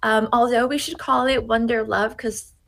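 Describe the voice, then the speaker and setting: A woman's voice: a little high, fairly even intonation, vocal fry. A woman voicing a sweet, earnest young woman in love, talking over a video call. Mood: dreamy. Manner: gentle, earnest, halting.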